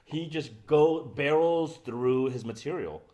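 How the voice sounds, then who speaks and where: A man's voice: a little high, measured pace, mellow. A man hosting a podcast, telling a story in casual chat and often laughing as he goes. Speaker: podcast host.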